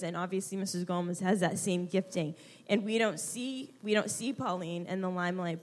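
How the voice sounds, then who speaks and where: A young woman speaking at a church gathering, heartfelt and halting as she fights back tears. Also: medium pitch. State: close to tears. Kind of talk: emotional tribute at a church women's gathering.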